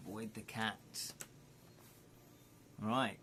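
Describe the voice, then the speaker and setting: A man's voice: medium pitch, fairly even intonation, normal speed, noisy background. A man reading a choose-your-own-adventure book live, chatty with jokey asides. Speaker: game host and reader.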